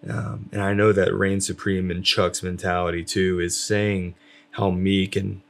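A man's voice: deep voice, vocal fry. A man talking casually about faith with his wife, rambling with lots of fillers and restarts. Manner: rambling, many fillers, self-described loud.

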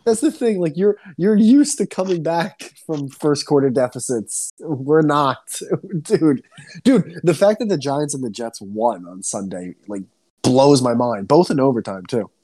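A young man from New Jersey, co-hosting a podcast, talking in an animated, swearing, ranting way. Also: fairly high pitch, a little slow. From Central New Jersey. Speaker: podcast co-host. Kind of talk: casual chat.

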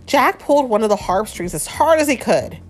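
A woman reading a picture book aloud to a child, animated and chatty, often laughing and stopping to talk with the child. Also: on the high side, fairly quick. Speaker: storybook reader.

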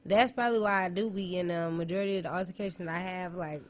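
A woman's voice: fairly low pitch, steady tone, fast talker. Blunt profane woman, casual chat.

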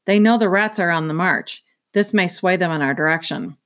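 A woman's voice: lowish voice, moderate pace, natural voice. A woman voicing a grave, formal leader in a read-aloud.

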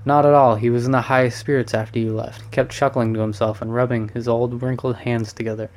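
A man's voice: mid-range voice, flat delivery, fairly quick, darkish tone, natural voice. A man reading a storybook, voicing a cheerful, worldly male painter who teases his friend. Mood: amused. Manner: teasing, amused. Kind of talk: audiobook reading.

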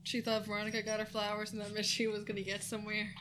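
A woman's voice: medium pitch, monotone, quick pace, fairly bright tone. Wry woman co-host over hiss. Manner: wry, self-deprecating jokes. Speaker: podcast co-host. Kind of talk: casual recap chat.

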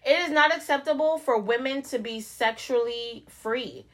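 A woman's voice: a little high, normal speed, a bit bright. A young adult woman co-hosting a casual podcast chat, outspoken and preachy, with a joking streak. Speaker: podcast co-host.

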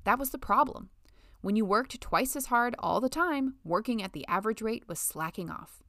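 A woman reading a novel as an audiobook narrator, in a measured storytelling manner. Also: a little high, expressive, fairly bright tone, no room sound, clean studio sound. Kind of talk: scripted narration.

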